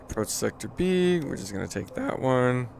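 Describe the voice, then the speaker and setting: Gravelly and a little mellow, this man's mid-range voice is very animated at a moderate pace, with a slight hiss or hum on the recording. He's live-streaming a flight game, talking to his audience and joking about his poor piloting in easygoing commentary.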